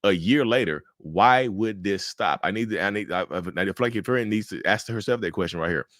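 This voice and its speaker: A man's voice: fairly low pitch, a little fast, a bit bright, dry recording, studio quality. A man, giving casual, emphatic commentary on a viewer's story with lots of rhetorical questions. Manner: emphatic, rhetorical questions, says y'all often.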